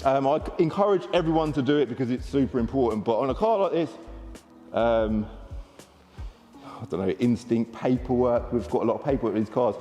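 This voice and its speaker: A man, a car dealer chatting excitedly to camera in a casual walkaround vlog. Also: medium pitch, brisk, big-room sound, faint music behind.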